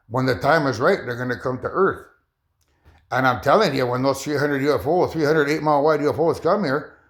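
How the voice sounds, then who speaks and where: Rambly guy talking to camera, laughs a lot, voice jumps all over, kinda high. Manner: excitable, laughs often, rising into high bursts. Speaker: vlogger. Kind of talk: rambling casual monologue to viewers.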